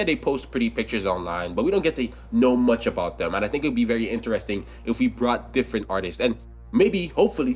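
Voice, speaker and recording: A man's voice: medium pitch, slightly rough. A young man co-hosting a casual podcast, joking and swearing loosely, with a scratchy voice. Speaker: podcast co-host. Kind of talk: casual chat.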